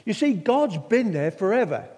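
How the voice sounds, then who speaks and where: A man's voice: sits high, very animated, normal speed, mellow. An older man from Norfolk, England, preaching a sermon with stories and rhetorical questions. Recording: long hall reverb.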